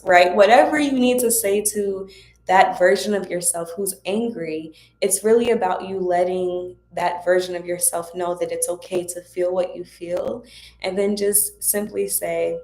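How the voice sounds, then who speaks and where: Low-voiced woman giving chatty spiritual advice. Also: steady tone, unhurried, darkish tone. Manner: chatty and encouraging, speaks directly to viewers. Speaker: host of a spiritual Q&A livestream. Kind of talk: casual spiritual guidance talk. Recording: echoey room.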